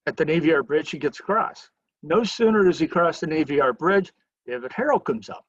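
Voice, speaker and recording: A man with a husky, slightly raspy voice leads a history lecture like a lively story, sometimes slipping into the people he quotes. The sound is dry and close, with a dull, slightly muffled tone. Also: on the high side, no echo. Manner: lively storyteller who acts out quoted lines. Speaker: museum educator giving a history lecture.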